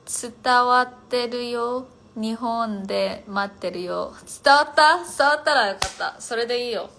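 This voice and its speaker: A young woman chatting casually with viewers on a phone livestream, rambling with lots of fillers and often trailing off into a hush. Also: on the high side, brisk, creaky, slight background noise. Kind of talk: casual chat.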